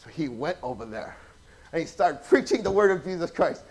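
A male preacher with a notably high voice gives a relaxed, conversational sermon. He tells stories with lively energy, acts out the people in them and keeps asking his listeners questions. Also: a little fast, slightly rough. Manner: chatty, animated, acts out quotes, asks the audience questions. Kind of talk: informal sermon storytelling.

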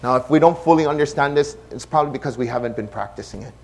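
A man preaching a sermon as pastor, impassioned, shifting between hushed and loud delivery. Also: medium pitch, racing, vocal fry.

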